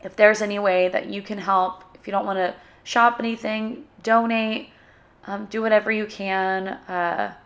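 A young woman hosts her own podcast, speaking alone at a middle pitch. She talks in an emotional, halting way, often stopping to search for the right words. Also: fairly even intonation. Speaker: podcast host. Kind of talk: solo podcast talk.

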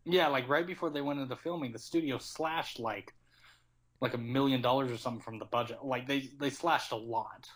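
A young man in casual film chat, animated and laughing often. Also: mid-range voice, brisk. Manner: animated, laughing, acts out quotes.

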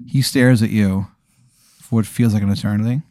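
A man narrating an improvised tabletop game as game master, with a deadpan, rambling delivery full of ums and likes. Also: fairly low pitch, moderate pace, no echo, clean studio sound.

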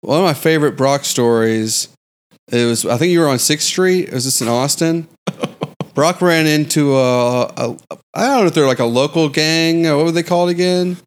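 A man's voice: on the high side, moderate pace. Joking man with a raised voice. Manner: joking, laughs often. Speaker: podcast host. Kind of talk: casual chat.

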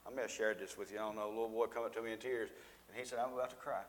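Recorded with the long reverb of a large hall and a little hiss or hum, a middle-aged man preaches very fast in a fairly low, steady voice. The lay preacher and school teacher keeps it conversational, asking his audience questions and often repeating himself.

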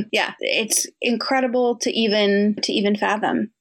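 Woman host, gravelly, affirming, reflective chat. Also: mid-range voice, steady tone, measured pace. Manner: affirming, reflective, some restarts. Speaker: podcast host. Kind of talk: casual interview chat.

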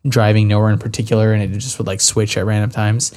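A man's voice: fairly low pitch, little pitch movement, quick pace, a little mellow. A man in a casual game discussion who talks loosely and conversationally, often saying "like".

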